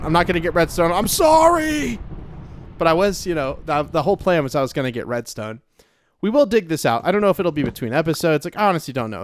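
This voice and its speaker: A man giving casual, rambling commentary as he plays a video game, talking to himself with lots of filler words. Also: mid-range voice. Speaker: Let's Play creator.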